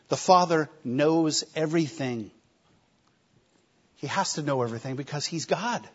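A man preaching a sermon, emphatic, with rhetorical questions and shifting loudness. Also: fairly high pitch, normal speed, husky. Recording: slightly dull lo-fi recording.

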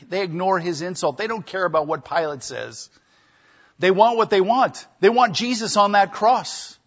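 Husky-voiced man preaching a sermon. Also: on the high side, highs cut off. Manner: emphatic, acts out quoted speech. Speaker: pastor. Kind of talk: expository sermon.

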